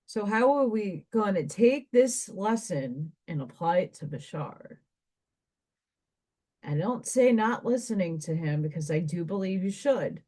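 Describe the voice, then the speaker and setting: A woman's voice: lowish voice, animated, a little slow, dark tone. A woman giving a spiritual card reader's monologue to her viewers, meandering and conversational and thinking aloud with asides.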